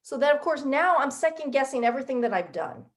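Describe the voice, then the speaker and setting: A woman's voice: high voice, expressive, quick pace. Chatty woman telling her story. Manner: chatty, emotional storyteller full of fillers. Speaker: guest author. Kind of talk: personal storytelling interview.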